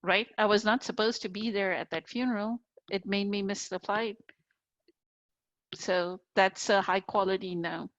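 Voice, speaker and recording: A woman's voice: medium pitch, steady tone, a little slow, no room sound. A woman co-hosting a reflective spiritual conversation, talking earnestly and unhurriedly with frequent fillers and "right?" tags. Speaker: co-host. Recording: dry, slightly dull audio.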